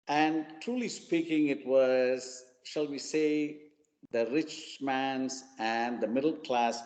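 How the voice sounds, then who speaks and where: A man's voice: medium pitch, big-room sound. A man from Chennai with an Indian English accent, telling his life story as a guest speaker and briefly acting out the people he quotes. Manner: animated storyteller who briefly acts out the voices he quotes. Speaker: guest speaker at a mentoring webinar. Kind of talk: personal storytelling.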